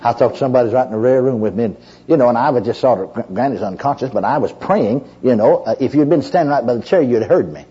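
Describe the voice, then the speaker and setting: Very husky lively-voiced male preacher. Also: medium pitch, fast talker, few pauses, highs cut off. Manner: folksy storyteller, repeats "you know", restarts often. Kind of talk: sermon with personal testimony.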